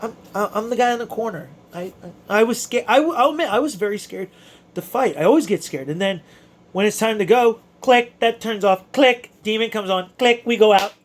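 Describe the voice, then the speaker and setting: A man, an amateur boxer, excitedly recounting his fight in a casual, emotional way with stumbling restarts. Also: high-pitched, fairly quick. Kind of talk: casual storytelling to camera.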